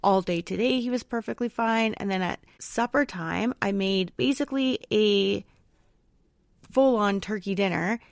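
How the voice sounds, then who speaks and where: A woman's voice: mid-range voice, a little slow, gravelly, no echo. A woman podcast host and mother chatting casually through a personal story, rambling with lots of fillers. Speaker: mother of a young child.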